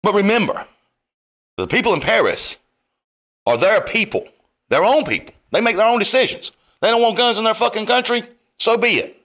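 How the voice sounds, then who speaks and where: A man's voice: sits high, fairly bright tone. A man delivering a profane, confrontational rant to camera, his heat rising and falling. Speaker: online commentator.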